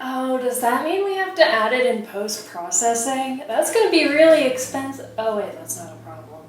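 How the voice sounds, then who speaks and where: A woman playing a tabletop role-playing game, asking quick questions in character. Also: high voice, big pitch swings, far from the mic. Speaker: player. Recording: very echoey room, off mic, faint hum.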